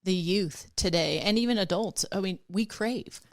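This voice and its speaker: A woman hosts a podcast, warmly affirming her guest and thinking aloud in an easy conversational way. Her voice sits at an ordinary middle pitch. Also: moderate pace, dry recording. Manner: affirming, thoughtful. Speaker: podcast host. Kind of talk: casual conversation.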